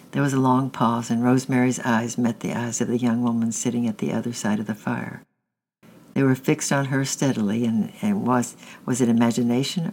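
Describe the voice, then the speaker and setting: Gravelly male storybook narrator. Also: mid-range voice, a little hiss or hum, low-quality recording. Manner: steady reading with frequent self-corrections. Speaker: audiobook reader.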